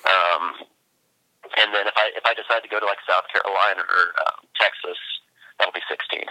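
A man's voice: low-pitched, steady tone, fairly quick, bright, forceful tone, no echo, rough recording. A man who races obstacle courses, chatting easygoingly with many fillers. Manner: easygoing, laughs often, trails off with fillers. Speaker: obstacle racer guest. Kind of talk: casual chat.

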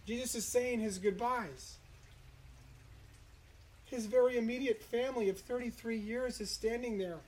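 A preacher giving an earnest, reflective sermon, citing scripture and slowing down to stress key moments. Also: medium pitch, darkish tone, a little hiss or hum. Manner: earnest, reflective, slows for emphasis.

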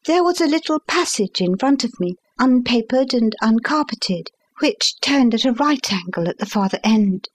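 In a high voice, a woman reads a classic story aloud for an audiobook, speaking as the first-person narrator. Her delivery is steady and expressive, with a storyteller's pacing.

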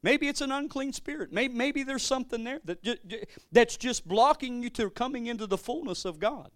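High-voiced pastor preaching animatedly. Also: male voice, fairly quick, no echo, studio quality. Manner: animated, swings between loud declarations and quiet storytelling, stammering restarts. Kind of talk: sermon.

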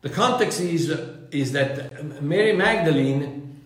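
Fervent preacher with a booming echo. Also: male voice, lively intonation, takes it slowly. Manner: fervent, restless preaching with many repeated words and restarts. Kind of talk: sermon. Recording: very echoey room.

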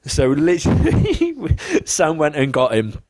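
A man, chatting casually as a podcast co-host and telling animated stories, jumping into the voices of people he quotes. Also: a little slow, no echo. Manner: animated, acts out quoted voices with big pitch jumps. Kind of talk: casual storytelling chat.

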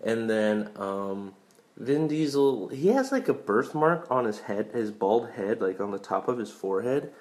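A young man talks about movies in a loose, rambling way, full of tangents and casual swearing. His voice sits a little low. It sounds like an unscripted video review, with no polish to the delivery. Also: very animated, a little slow, darkish tone. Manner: rambling, profane, wanders off on tangents.

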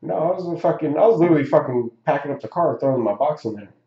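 A man's voice: on the high side, expressive, rapid-fire, mellow, roomy sound, muffled recording. A man telling a story in a casual chat, rambling and swearing, with many fillers and restarts. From Southern California.

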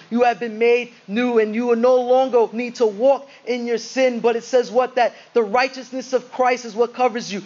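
A male pastor giving an earnest, conversational sermon to his congregation, often asking rhetorical questions. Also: extremely high pitch. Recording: muffled lo-fi recording.

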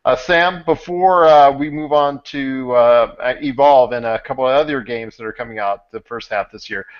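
A man hosts a casual podcast, rambling along with many fillers and restarts. His voice sits at a middling pitch. The recording sounds dull and lo-fi. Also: normal speed. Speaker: podcast host.

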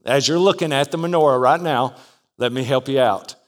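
A man's voice: mid-range voice, brisk. A man preaching a sermon as pastor, dynamic, acting out the voices in his story and calling out for amens.

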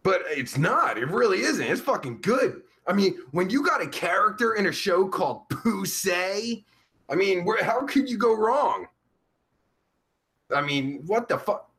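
Casting: a man playing a crude, foul-mouthed streamer, high, bouncy voice, slow delivery. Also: sing-song, a bit bright, full character voice. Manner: profane, crude, rambling. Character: crude vulgar man livestreamer, Pervert Pete. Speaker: livestream host. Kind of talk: live chat comedy stream.

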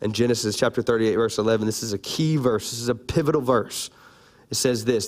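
A man preaching a sermon, animated and playful, calling out to his congregation. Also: mid-range voice, quick pace. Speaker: pastor.

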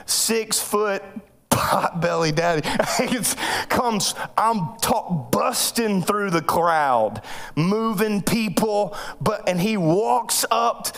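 A man pastor preaching a sermon in a church through a microphone. His voice sits a little high for a man. He tells stories in an animated, joking way and breaks into loud voices now and then. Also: drawn-out words, creaky. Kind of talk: sermon with personal storytelling.

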